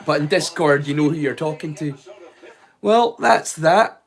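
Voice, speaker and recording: A man's voice: on the high side, expressive, measured pace, vocal fry. Rambling male livestream host. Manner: chatty and rambling, talks to viewers by name. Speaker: streamer and host. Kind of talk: casual livestream chat.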